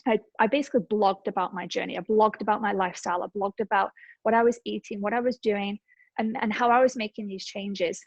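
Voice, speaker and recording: A woman in her thirties speaks on a group call in an upbeat, chatty way, with many fillers along the way. Her voice sits at a middle pitch and sounds a little short of breath. The sound is dry, with no room around it. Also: steady tone, brisk, no room sound, lo-fi sound. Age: 30s. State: slightly out of breath. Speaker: network marketing presenter. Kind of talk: casual presentation on a group call. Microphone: call microphone.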